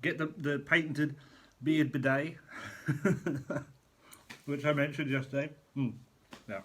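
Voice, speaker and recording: Husky chef rambling while he eats. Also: a little high, slow pace. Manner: chatty, rambling, eating while talking. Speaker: chef vlogger. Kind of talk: casual rambling vlog while eating. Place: hotel room in quarantine.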